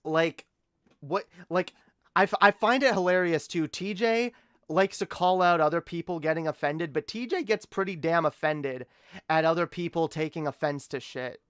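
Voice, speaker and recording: High-voiced ranting male streamer. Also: moderate pace, a bit bright, clear, resonant tone, no echo, studio quality. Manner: profane, ranting, stammering. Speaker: streamer reacting to videos. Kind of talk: casual reaction commentary.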